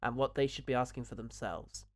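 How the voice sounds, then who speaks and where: A man's voice: mid-range voice, brisk, no echo. A man co-hosting a podcast, chatting agreeably about a film and reading a listener's note aloud. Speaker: podcast co-host. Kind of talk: casual film review chat.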